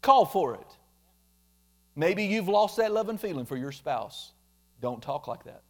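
A man preaching a sermon, animated, acting out quoted complaints in mocking voices. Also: high voice, normal speed. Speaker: pastor.

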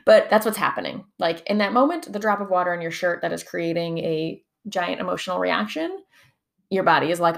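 A woman's voice: on the low side, a little fast, creaky. A young adult woman explaining somatic coaching techniques in a chatty, casual teaching talk, full of fillers and frequent laughs.

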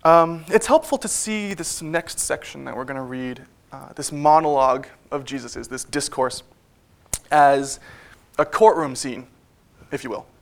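A man preaching a sermon in a church, in a relaxed, conversational way with frequent fillers and wry asides. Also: medium pitch, measured pace, creaky.

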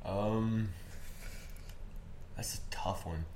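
A young man co-hosting a podcast in casual chat, hesitant with many pauses. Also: fairly low pitch, steady tone, darkish tone. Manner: hesitant, lots of ums. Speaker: podcast co-host.

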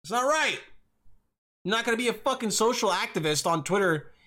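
A young man hosting a solo podcast, rambling and swearing, with bursts of yelling. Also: high-pitched, expressive, fairly quick. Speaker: podcast host.

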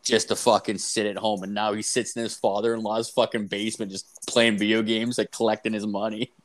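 A man in crude casual chat, swearing constantly and telling stories with animated energy. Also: fairly low pitch, a little fast. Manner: heavy swearing, animated storytelling.

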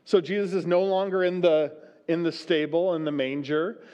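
A man's voice: on the high side, fairly even intonation, normal speed, darkish tone, smooth. A man preaching a sermon as pastor, reading scripture aloud and then explaining it in a conversational way that keeps checking in with "right?". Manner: conversational, often asks the room "right?".

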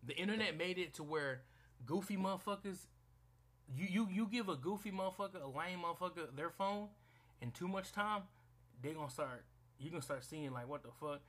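A young man with a somewhat high voice rants in a casual, blunt way. He swears freely and often stumbles into restarts and repeated words. His delivery stays loose and conversational. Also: animated, fairly quick, fairly bright tone. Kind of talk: casual rant to camera.

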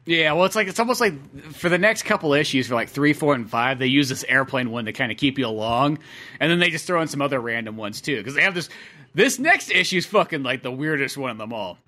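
Bright-voiced man rambling on a podcast. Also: medium pitch, lively intonation, quick pace. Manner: rambling, profane, jokey, lots of "like". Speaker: podcast co-host. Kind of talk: casual chat.

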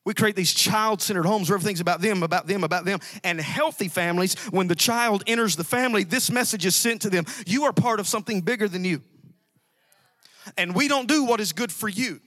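High, bright-voiced preacher, emphatic. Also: male voice, brisk. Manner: emphatic preacher with repetitions and sudden loud outbursts. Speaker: pastor. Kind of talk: sermon. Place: church sanctuary. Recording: dry sound with long hall reverb.

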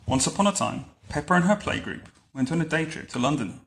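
A man reading a picture book aloud to a child at home, adding wry, deadpan comments between the lines. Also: fairly high pitch, a little fast, vocal fry. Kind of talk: bedtime story reading with joking asides. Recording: roomy echo.

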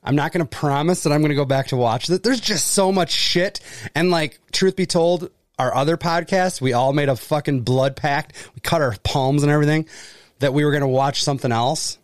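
Dude co-hosting a podcast, kinda high voice, dry close mic, swears a lot, loose and chatty. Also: male voice, fairly quick, no echo. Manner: animated, swears freely, frequent fillers. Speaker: podcast co-host. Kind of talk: casual chat.

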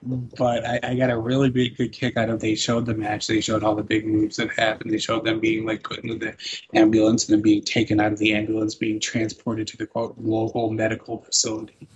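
A man's voice: fairly low pitch, completely flat delivery, brisk, lo-fi sound, slight background noise. A man co-hosting a podcast, telling amused, profane stories about wrestling segments. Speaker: podcast co-host. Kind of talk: casual wrestling recap chat.

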